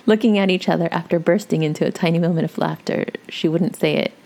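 A woman's voice: on the low side, steady tone, fast talker, vocal fry, darkish tone. A woman reading a story aloud in a chatty, conversational way, with casual asides to her listeners. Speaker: story reader.

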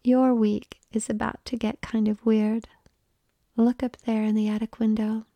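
A woman's voice: fairly high pitch, flat delivery, a little slow, dark tone, dry recording. A woman voicing a bold, playful young woman, in a blunt, teasing, whispered role-play.

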